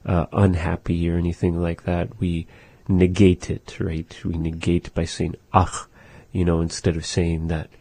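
A man teaching words of his language in a casual lesson, saying them slowly and repeating them. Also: low-pitched, flat delivery, gravelly, mellow, breathy edge, no room sound.

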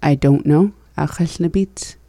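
Female co-host, low and mellow, slow and calm, dry close mic. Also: no room sound. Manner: calm, repeats phrases softly and gives translations. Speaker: language lesson co-host. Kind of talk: relaxed language lesson.

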